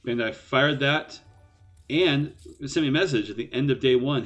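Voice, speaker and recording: Brief: man, poker-stream co-host, wry self-mocking banter, quick to laugh. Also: medium pitch, fairly bright tone, highs cut off, faint music behind. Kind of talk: casual live-stream banter.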